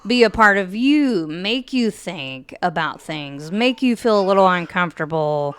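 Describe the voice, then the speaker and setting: A woman's voice: on the low side, lively intonation, clear, resonant tone. A woman hosting her podcast, talking casually about her book with fillers and nervous laughs, and getting emotional while fighting back tears. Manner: slow, soft-spoken, with fillers and nervous laughs. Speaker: podcast host and author. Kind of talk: casual chat with a read-aloud book introduction. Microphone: podcast mic.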